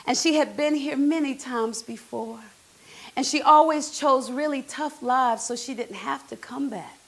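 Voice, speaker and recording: A woman delivers a one-woman stage monologue in a high voice. She takes her time over each line, and her emotion swings from near-whispers to full shouts. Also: measured pace, husky. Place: theatre stage.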